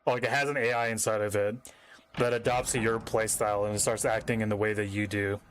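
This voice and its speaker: A man's voice: fairly low pitch, flat delivery, brisk, slight background noise. A young man streaming a game from home, thinking aloud in casual, rambling commentary as he reads puzzle text on screen.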